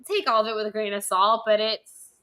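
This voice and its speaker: Young woman podcast co-host, bright and punchy delivery, emphatic rants with casual swearing. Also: mid-range voice, a little fast. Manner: emphatic, animated, swears freely. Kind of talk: casual ranting chat.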